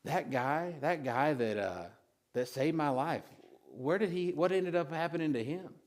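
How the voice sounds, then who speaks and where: A man's voice: on the high side, measured pace, close to an everyday voice. A man voicing a sleepless ancient king in a sermon retelling, puzzled and commanding.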